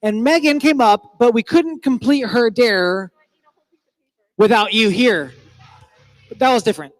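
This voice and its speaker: A man's voice: very high-pitched, measured pace, no echo. A man co-hosting a youth church service, teasing and playful in joking banter.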